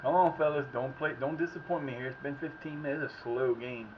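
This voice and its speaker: A man with a mid-range, steady voice talks a little fast during his soccer game stream, rambling casually to himself between reactions to what happens on the pitch. The recording carries faint background noise and sounds slightly muffled.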